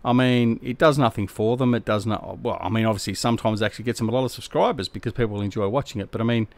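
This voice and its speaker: A man's voice: lowish voice, fast, no echo. Middle-aged aussie bloke rambling to his stream chat, slangy and laid-back, dry sound. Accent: Australian. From Australia. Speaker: game live-streamer. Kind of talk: casual live-stream chat, replying to viewers.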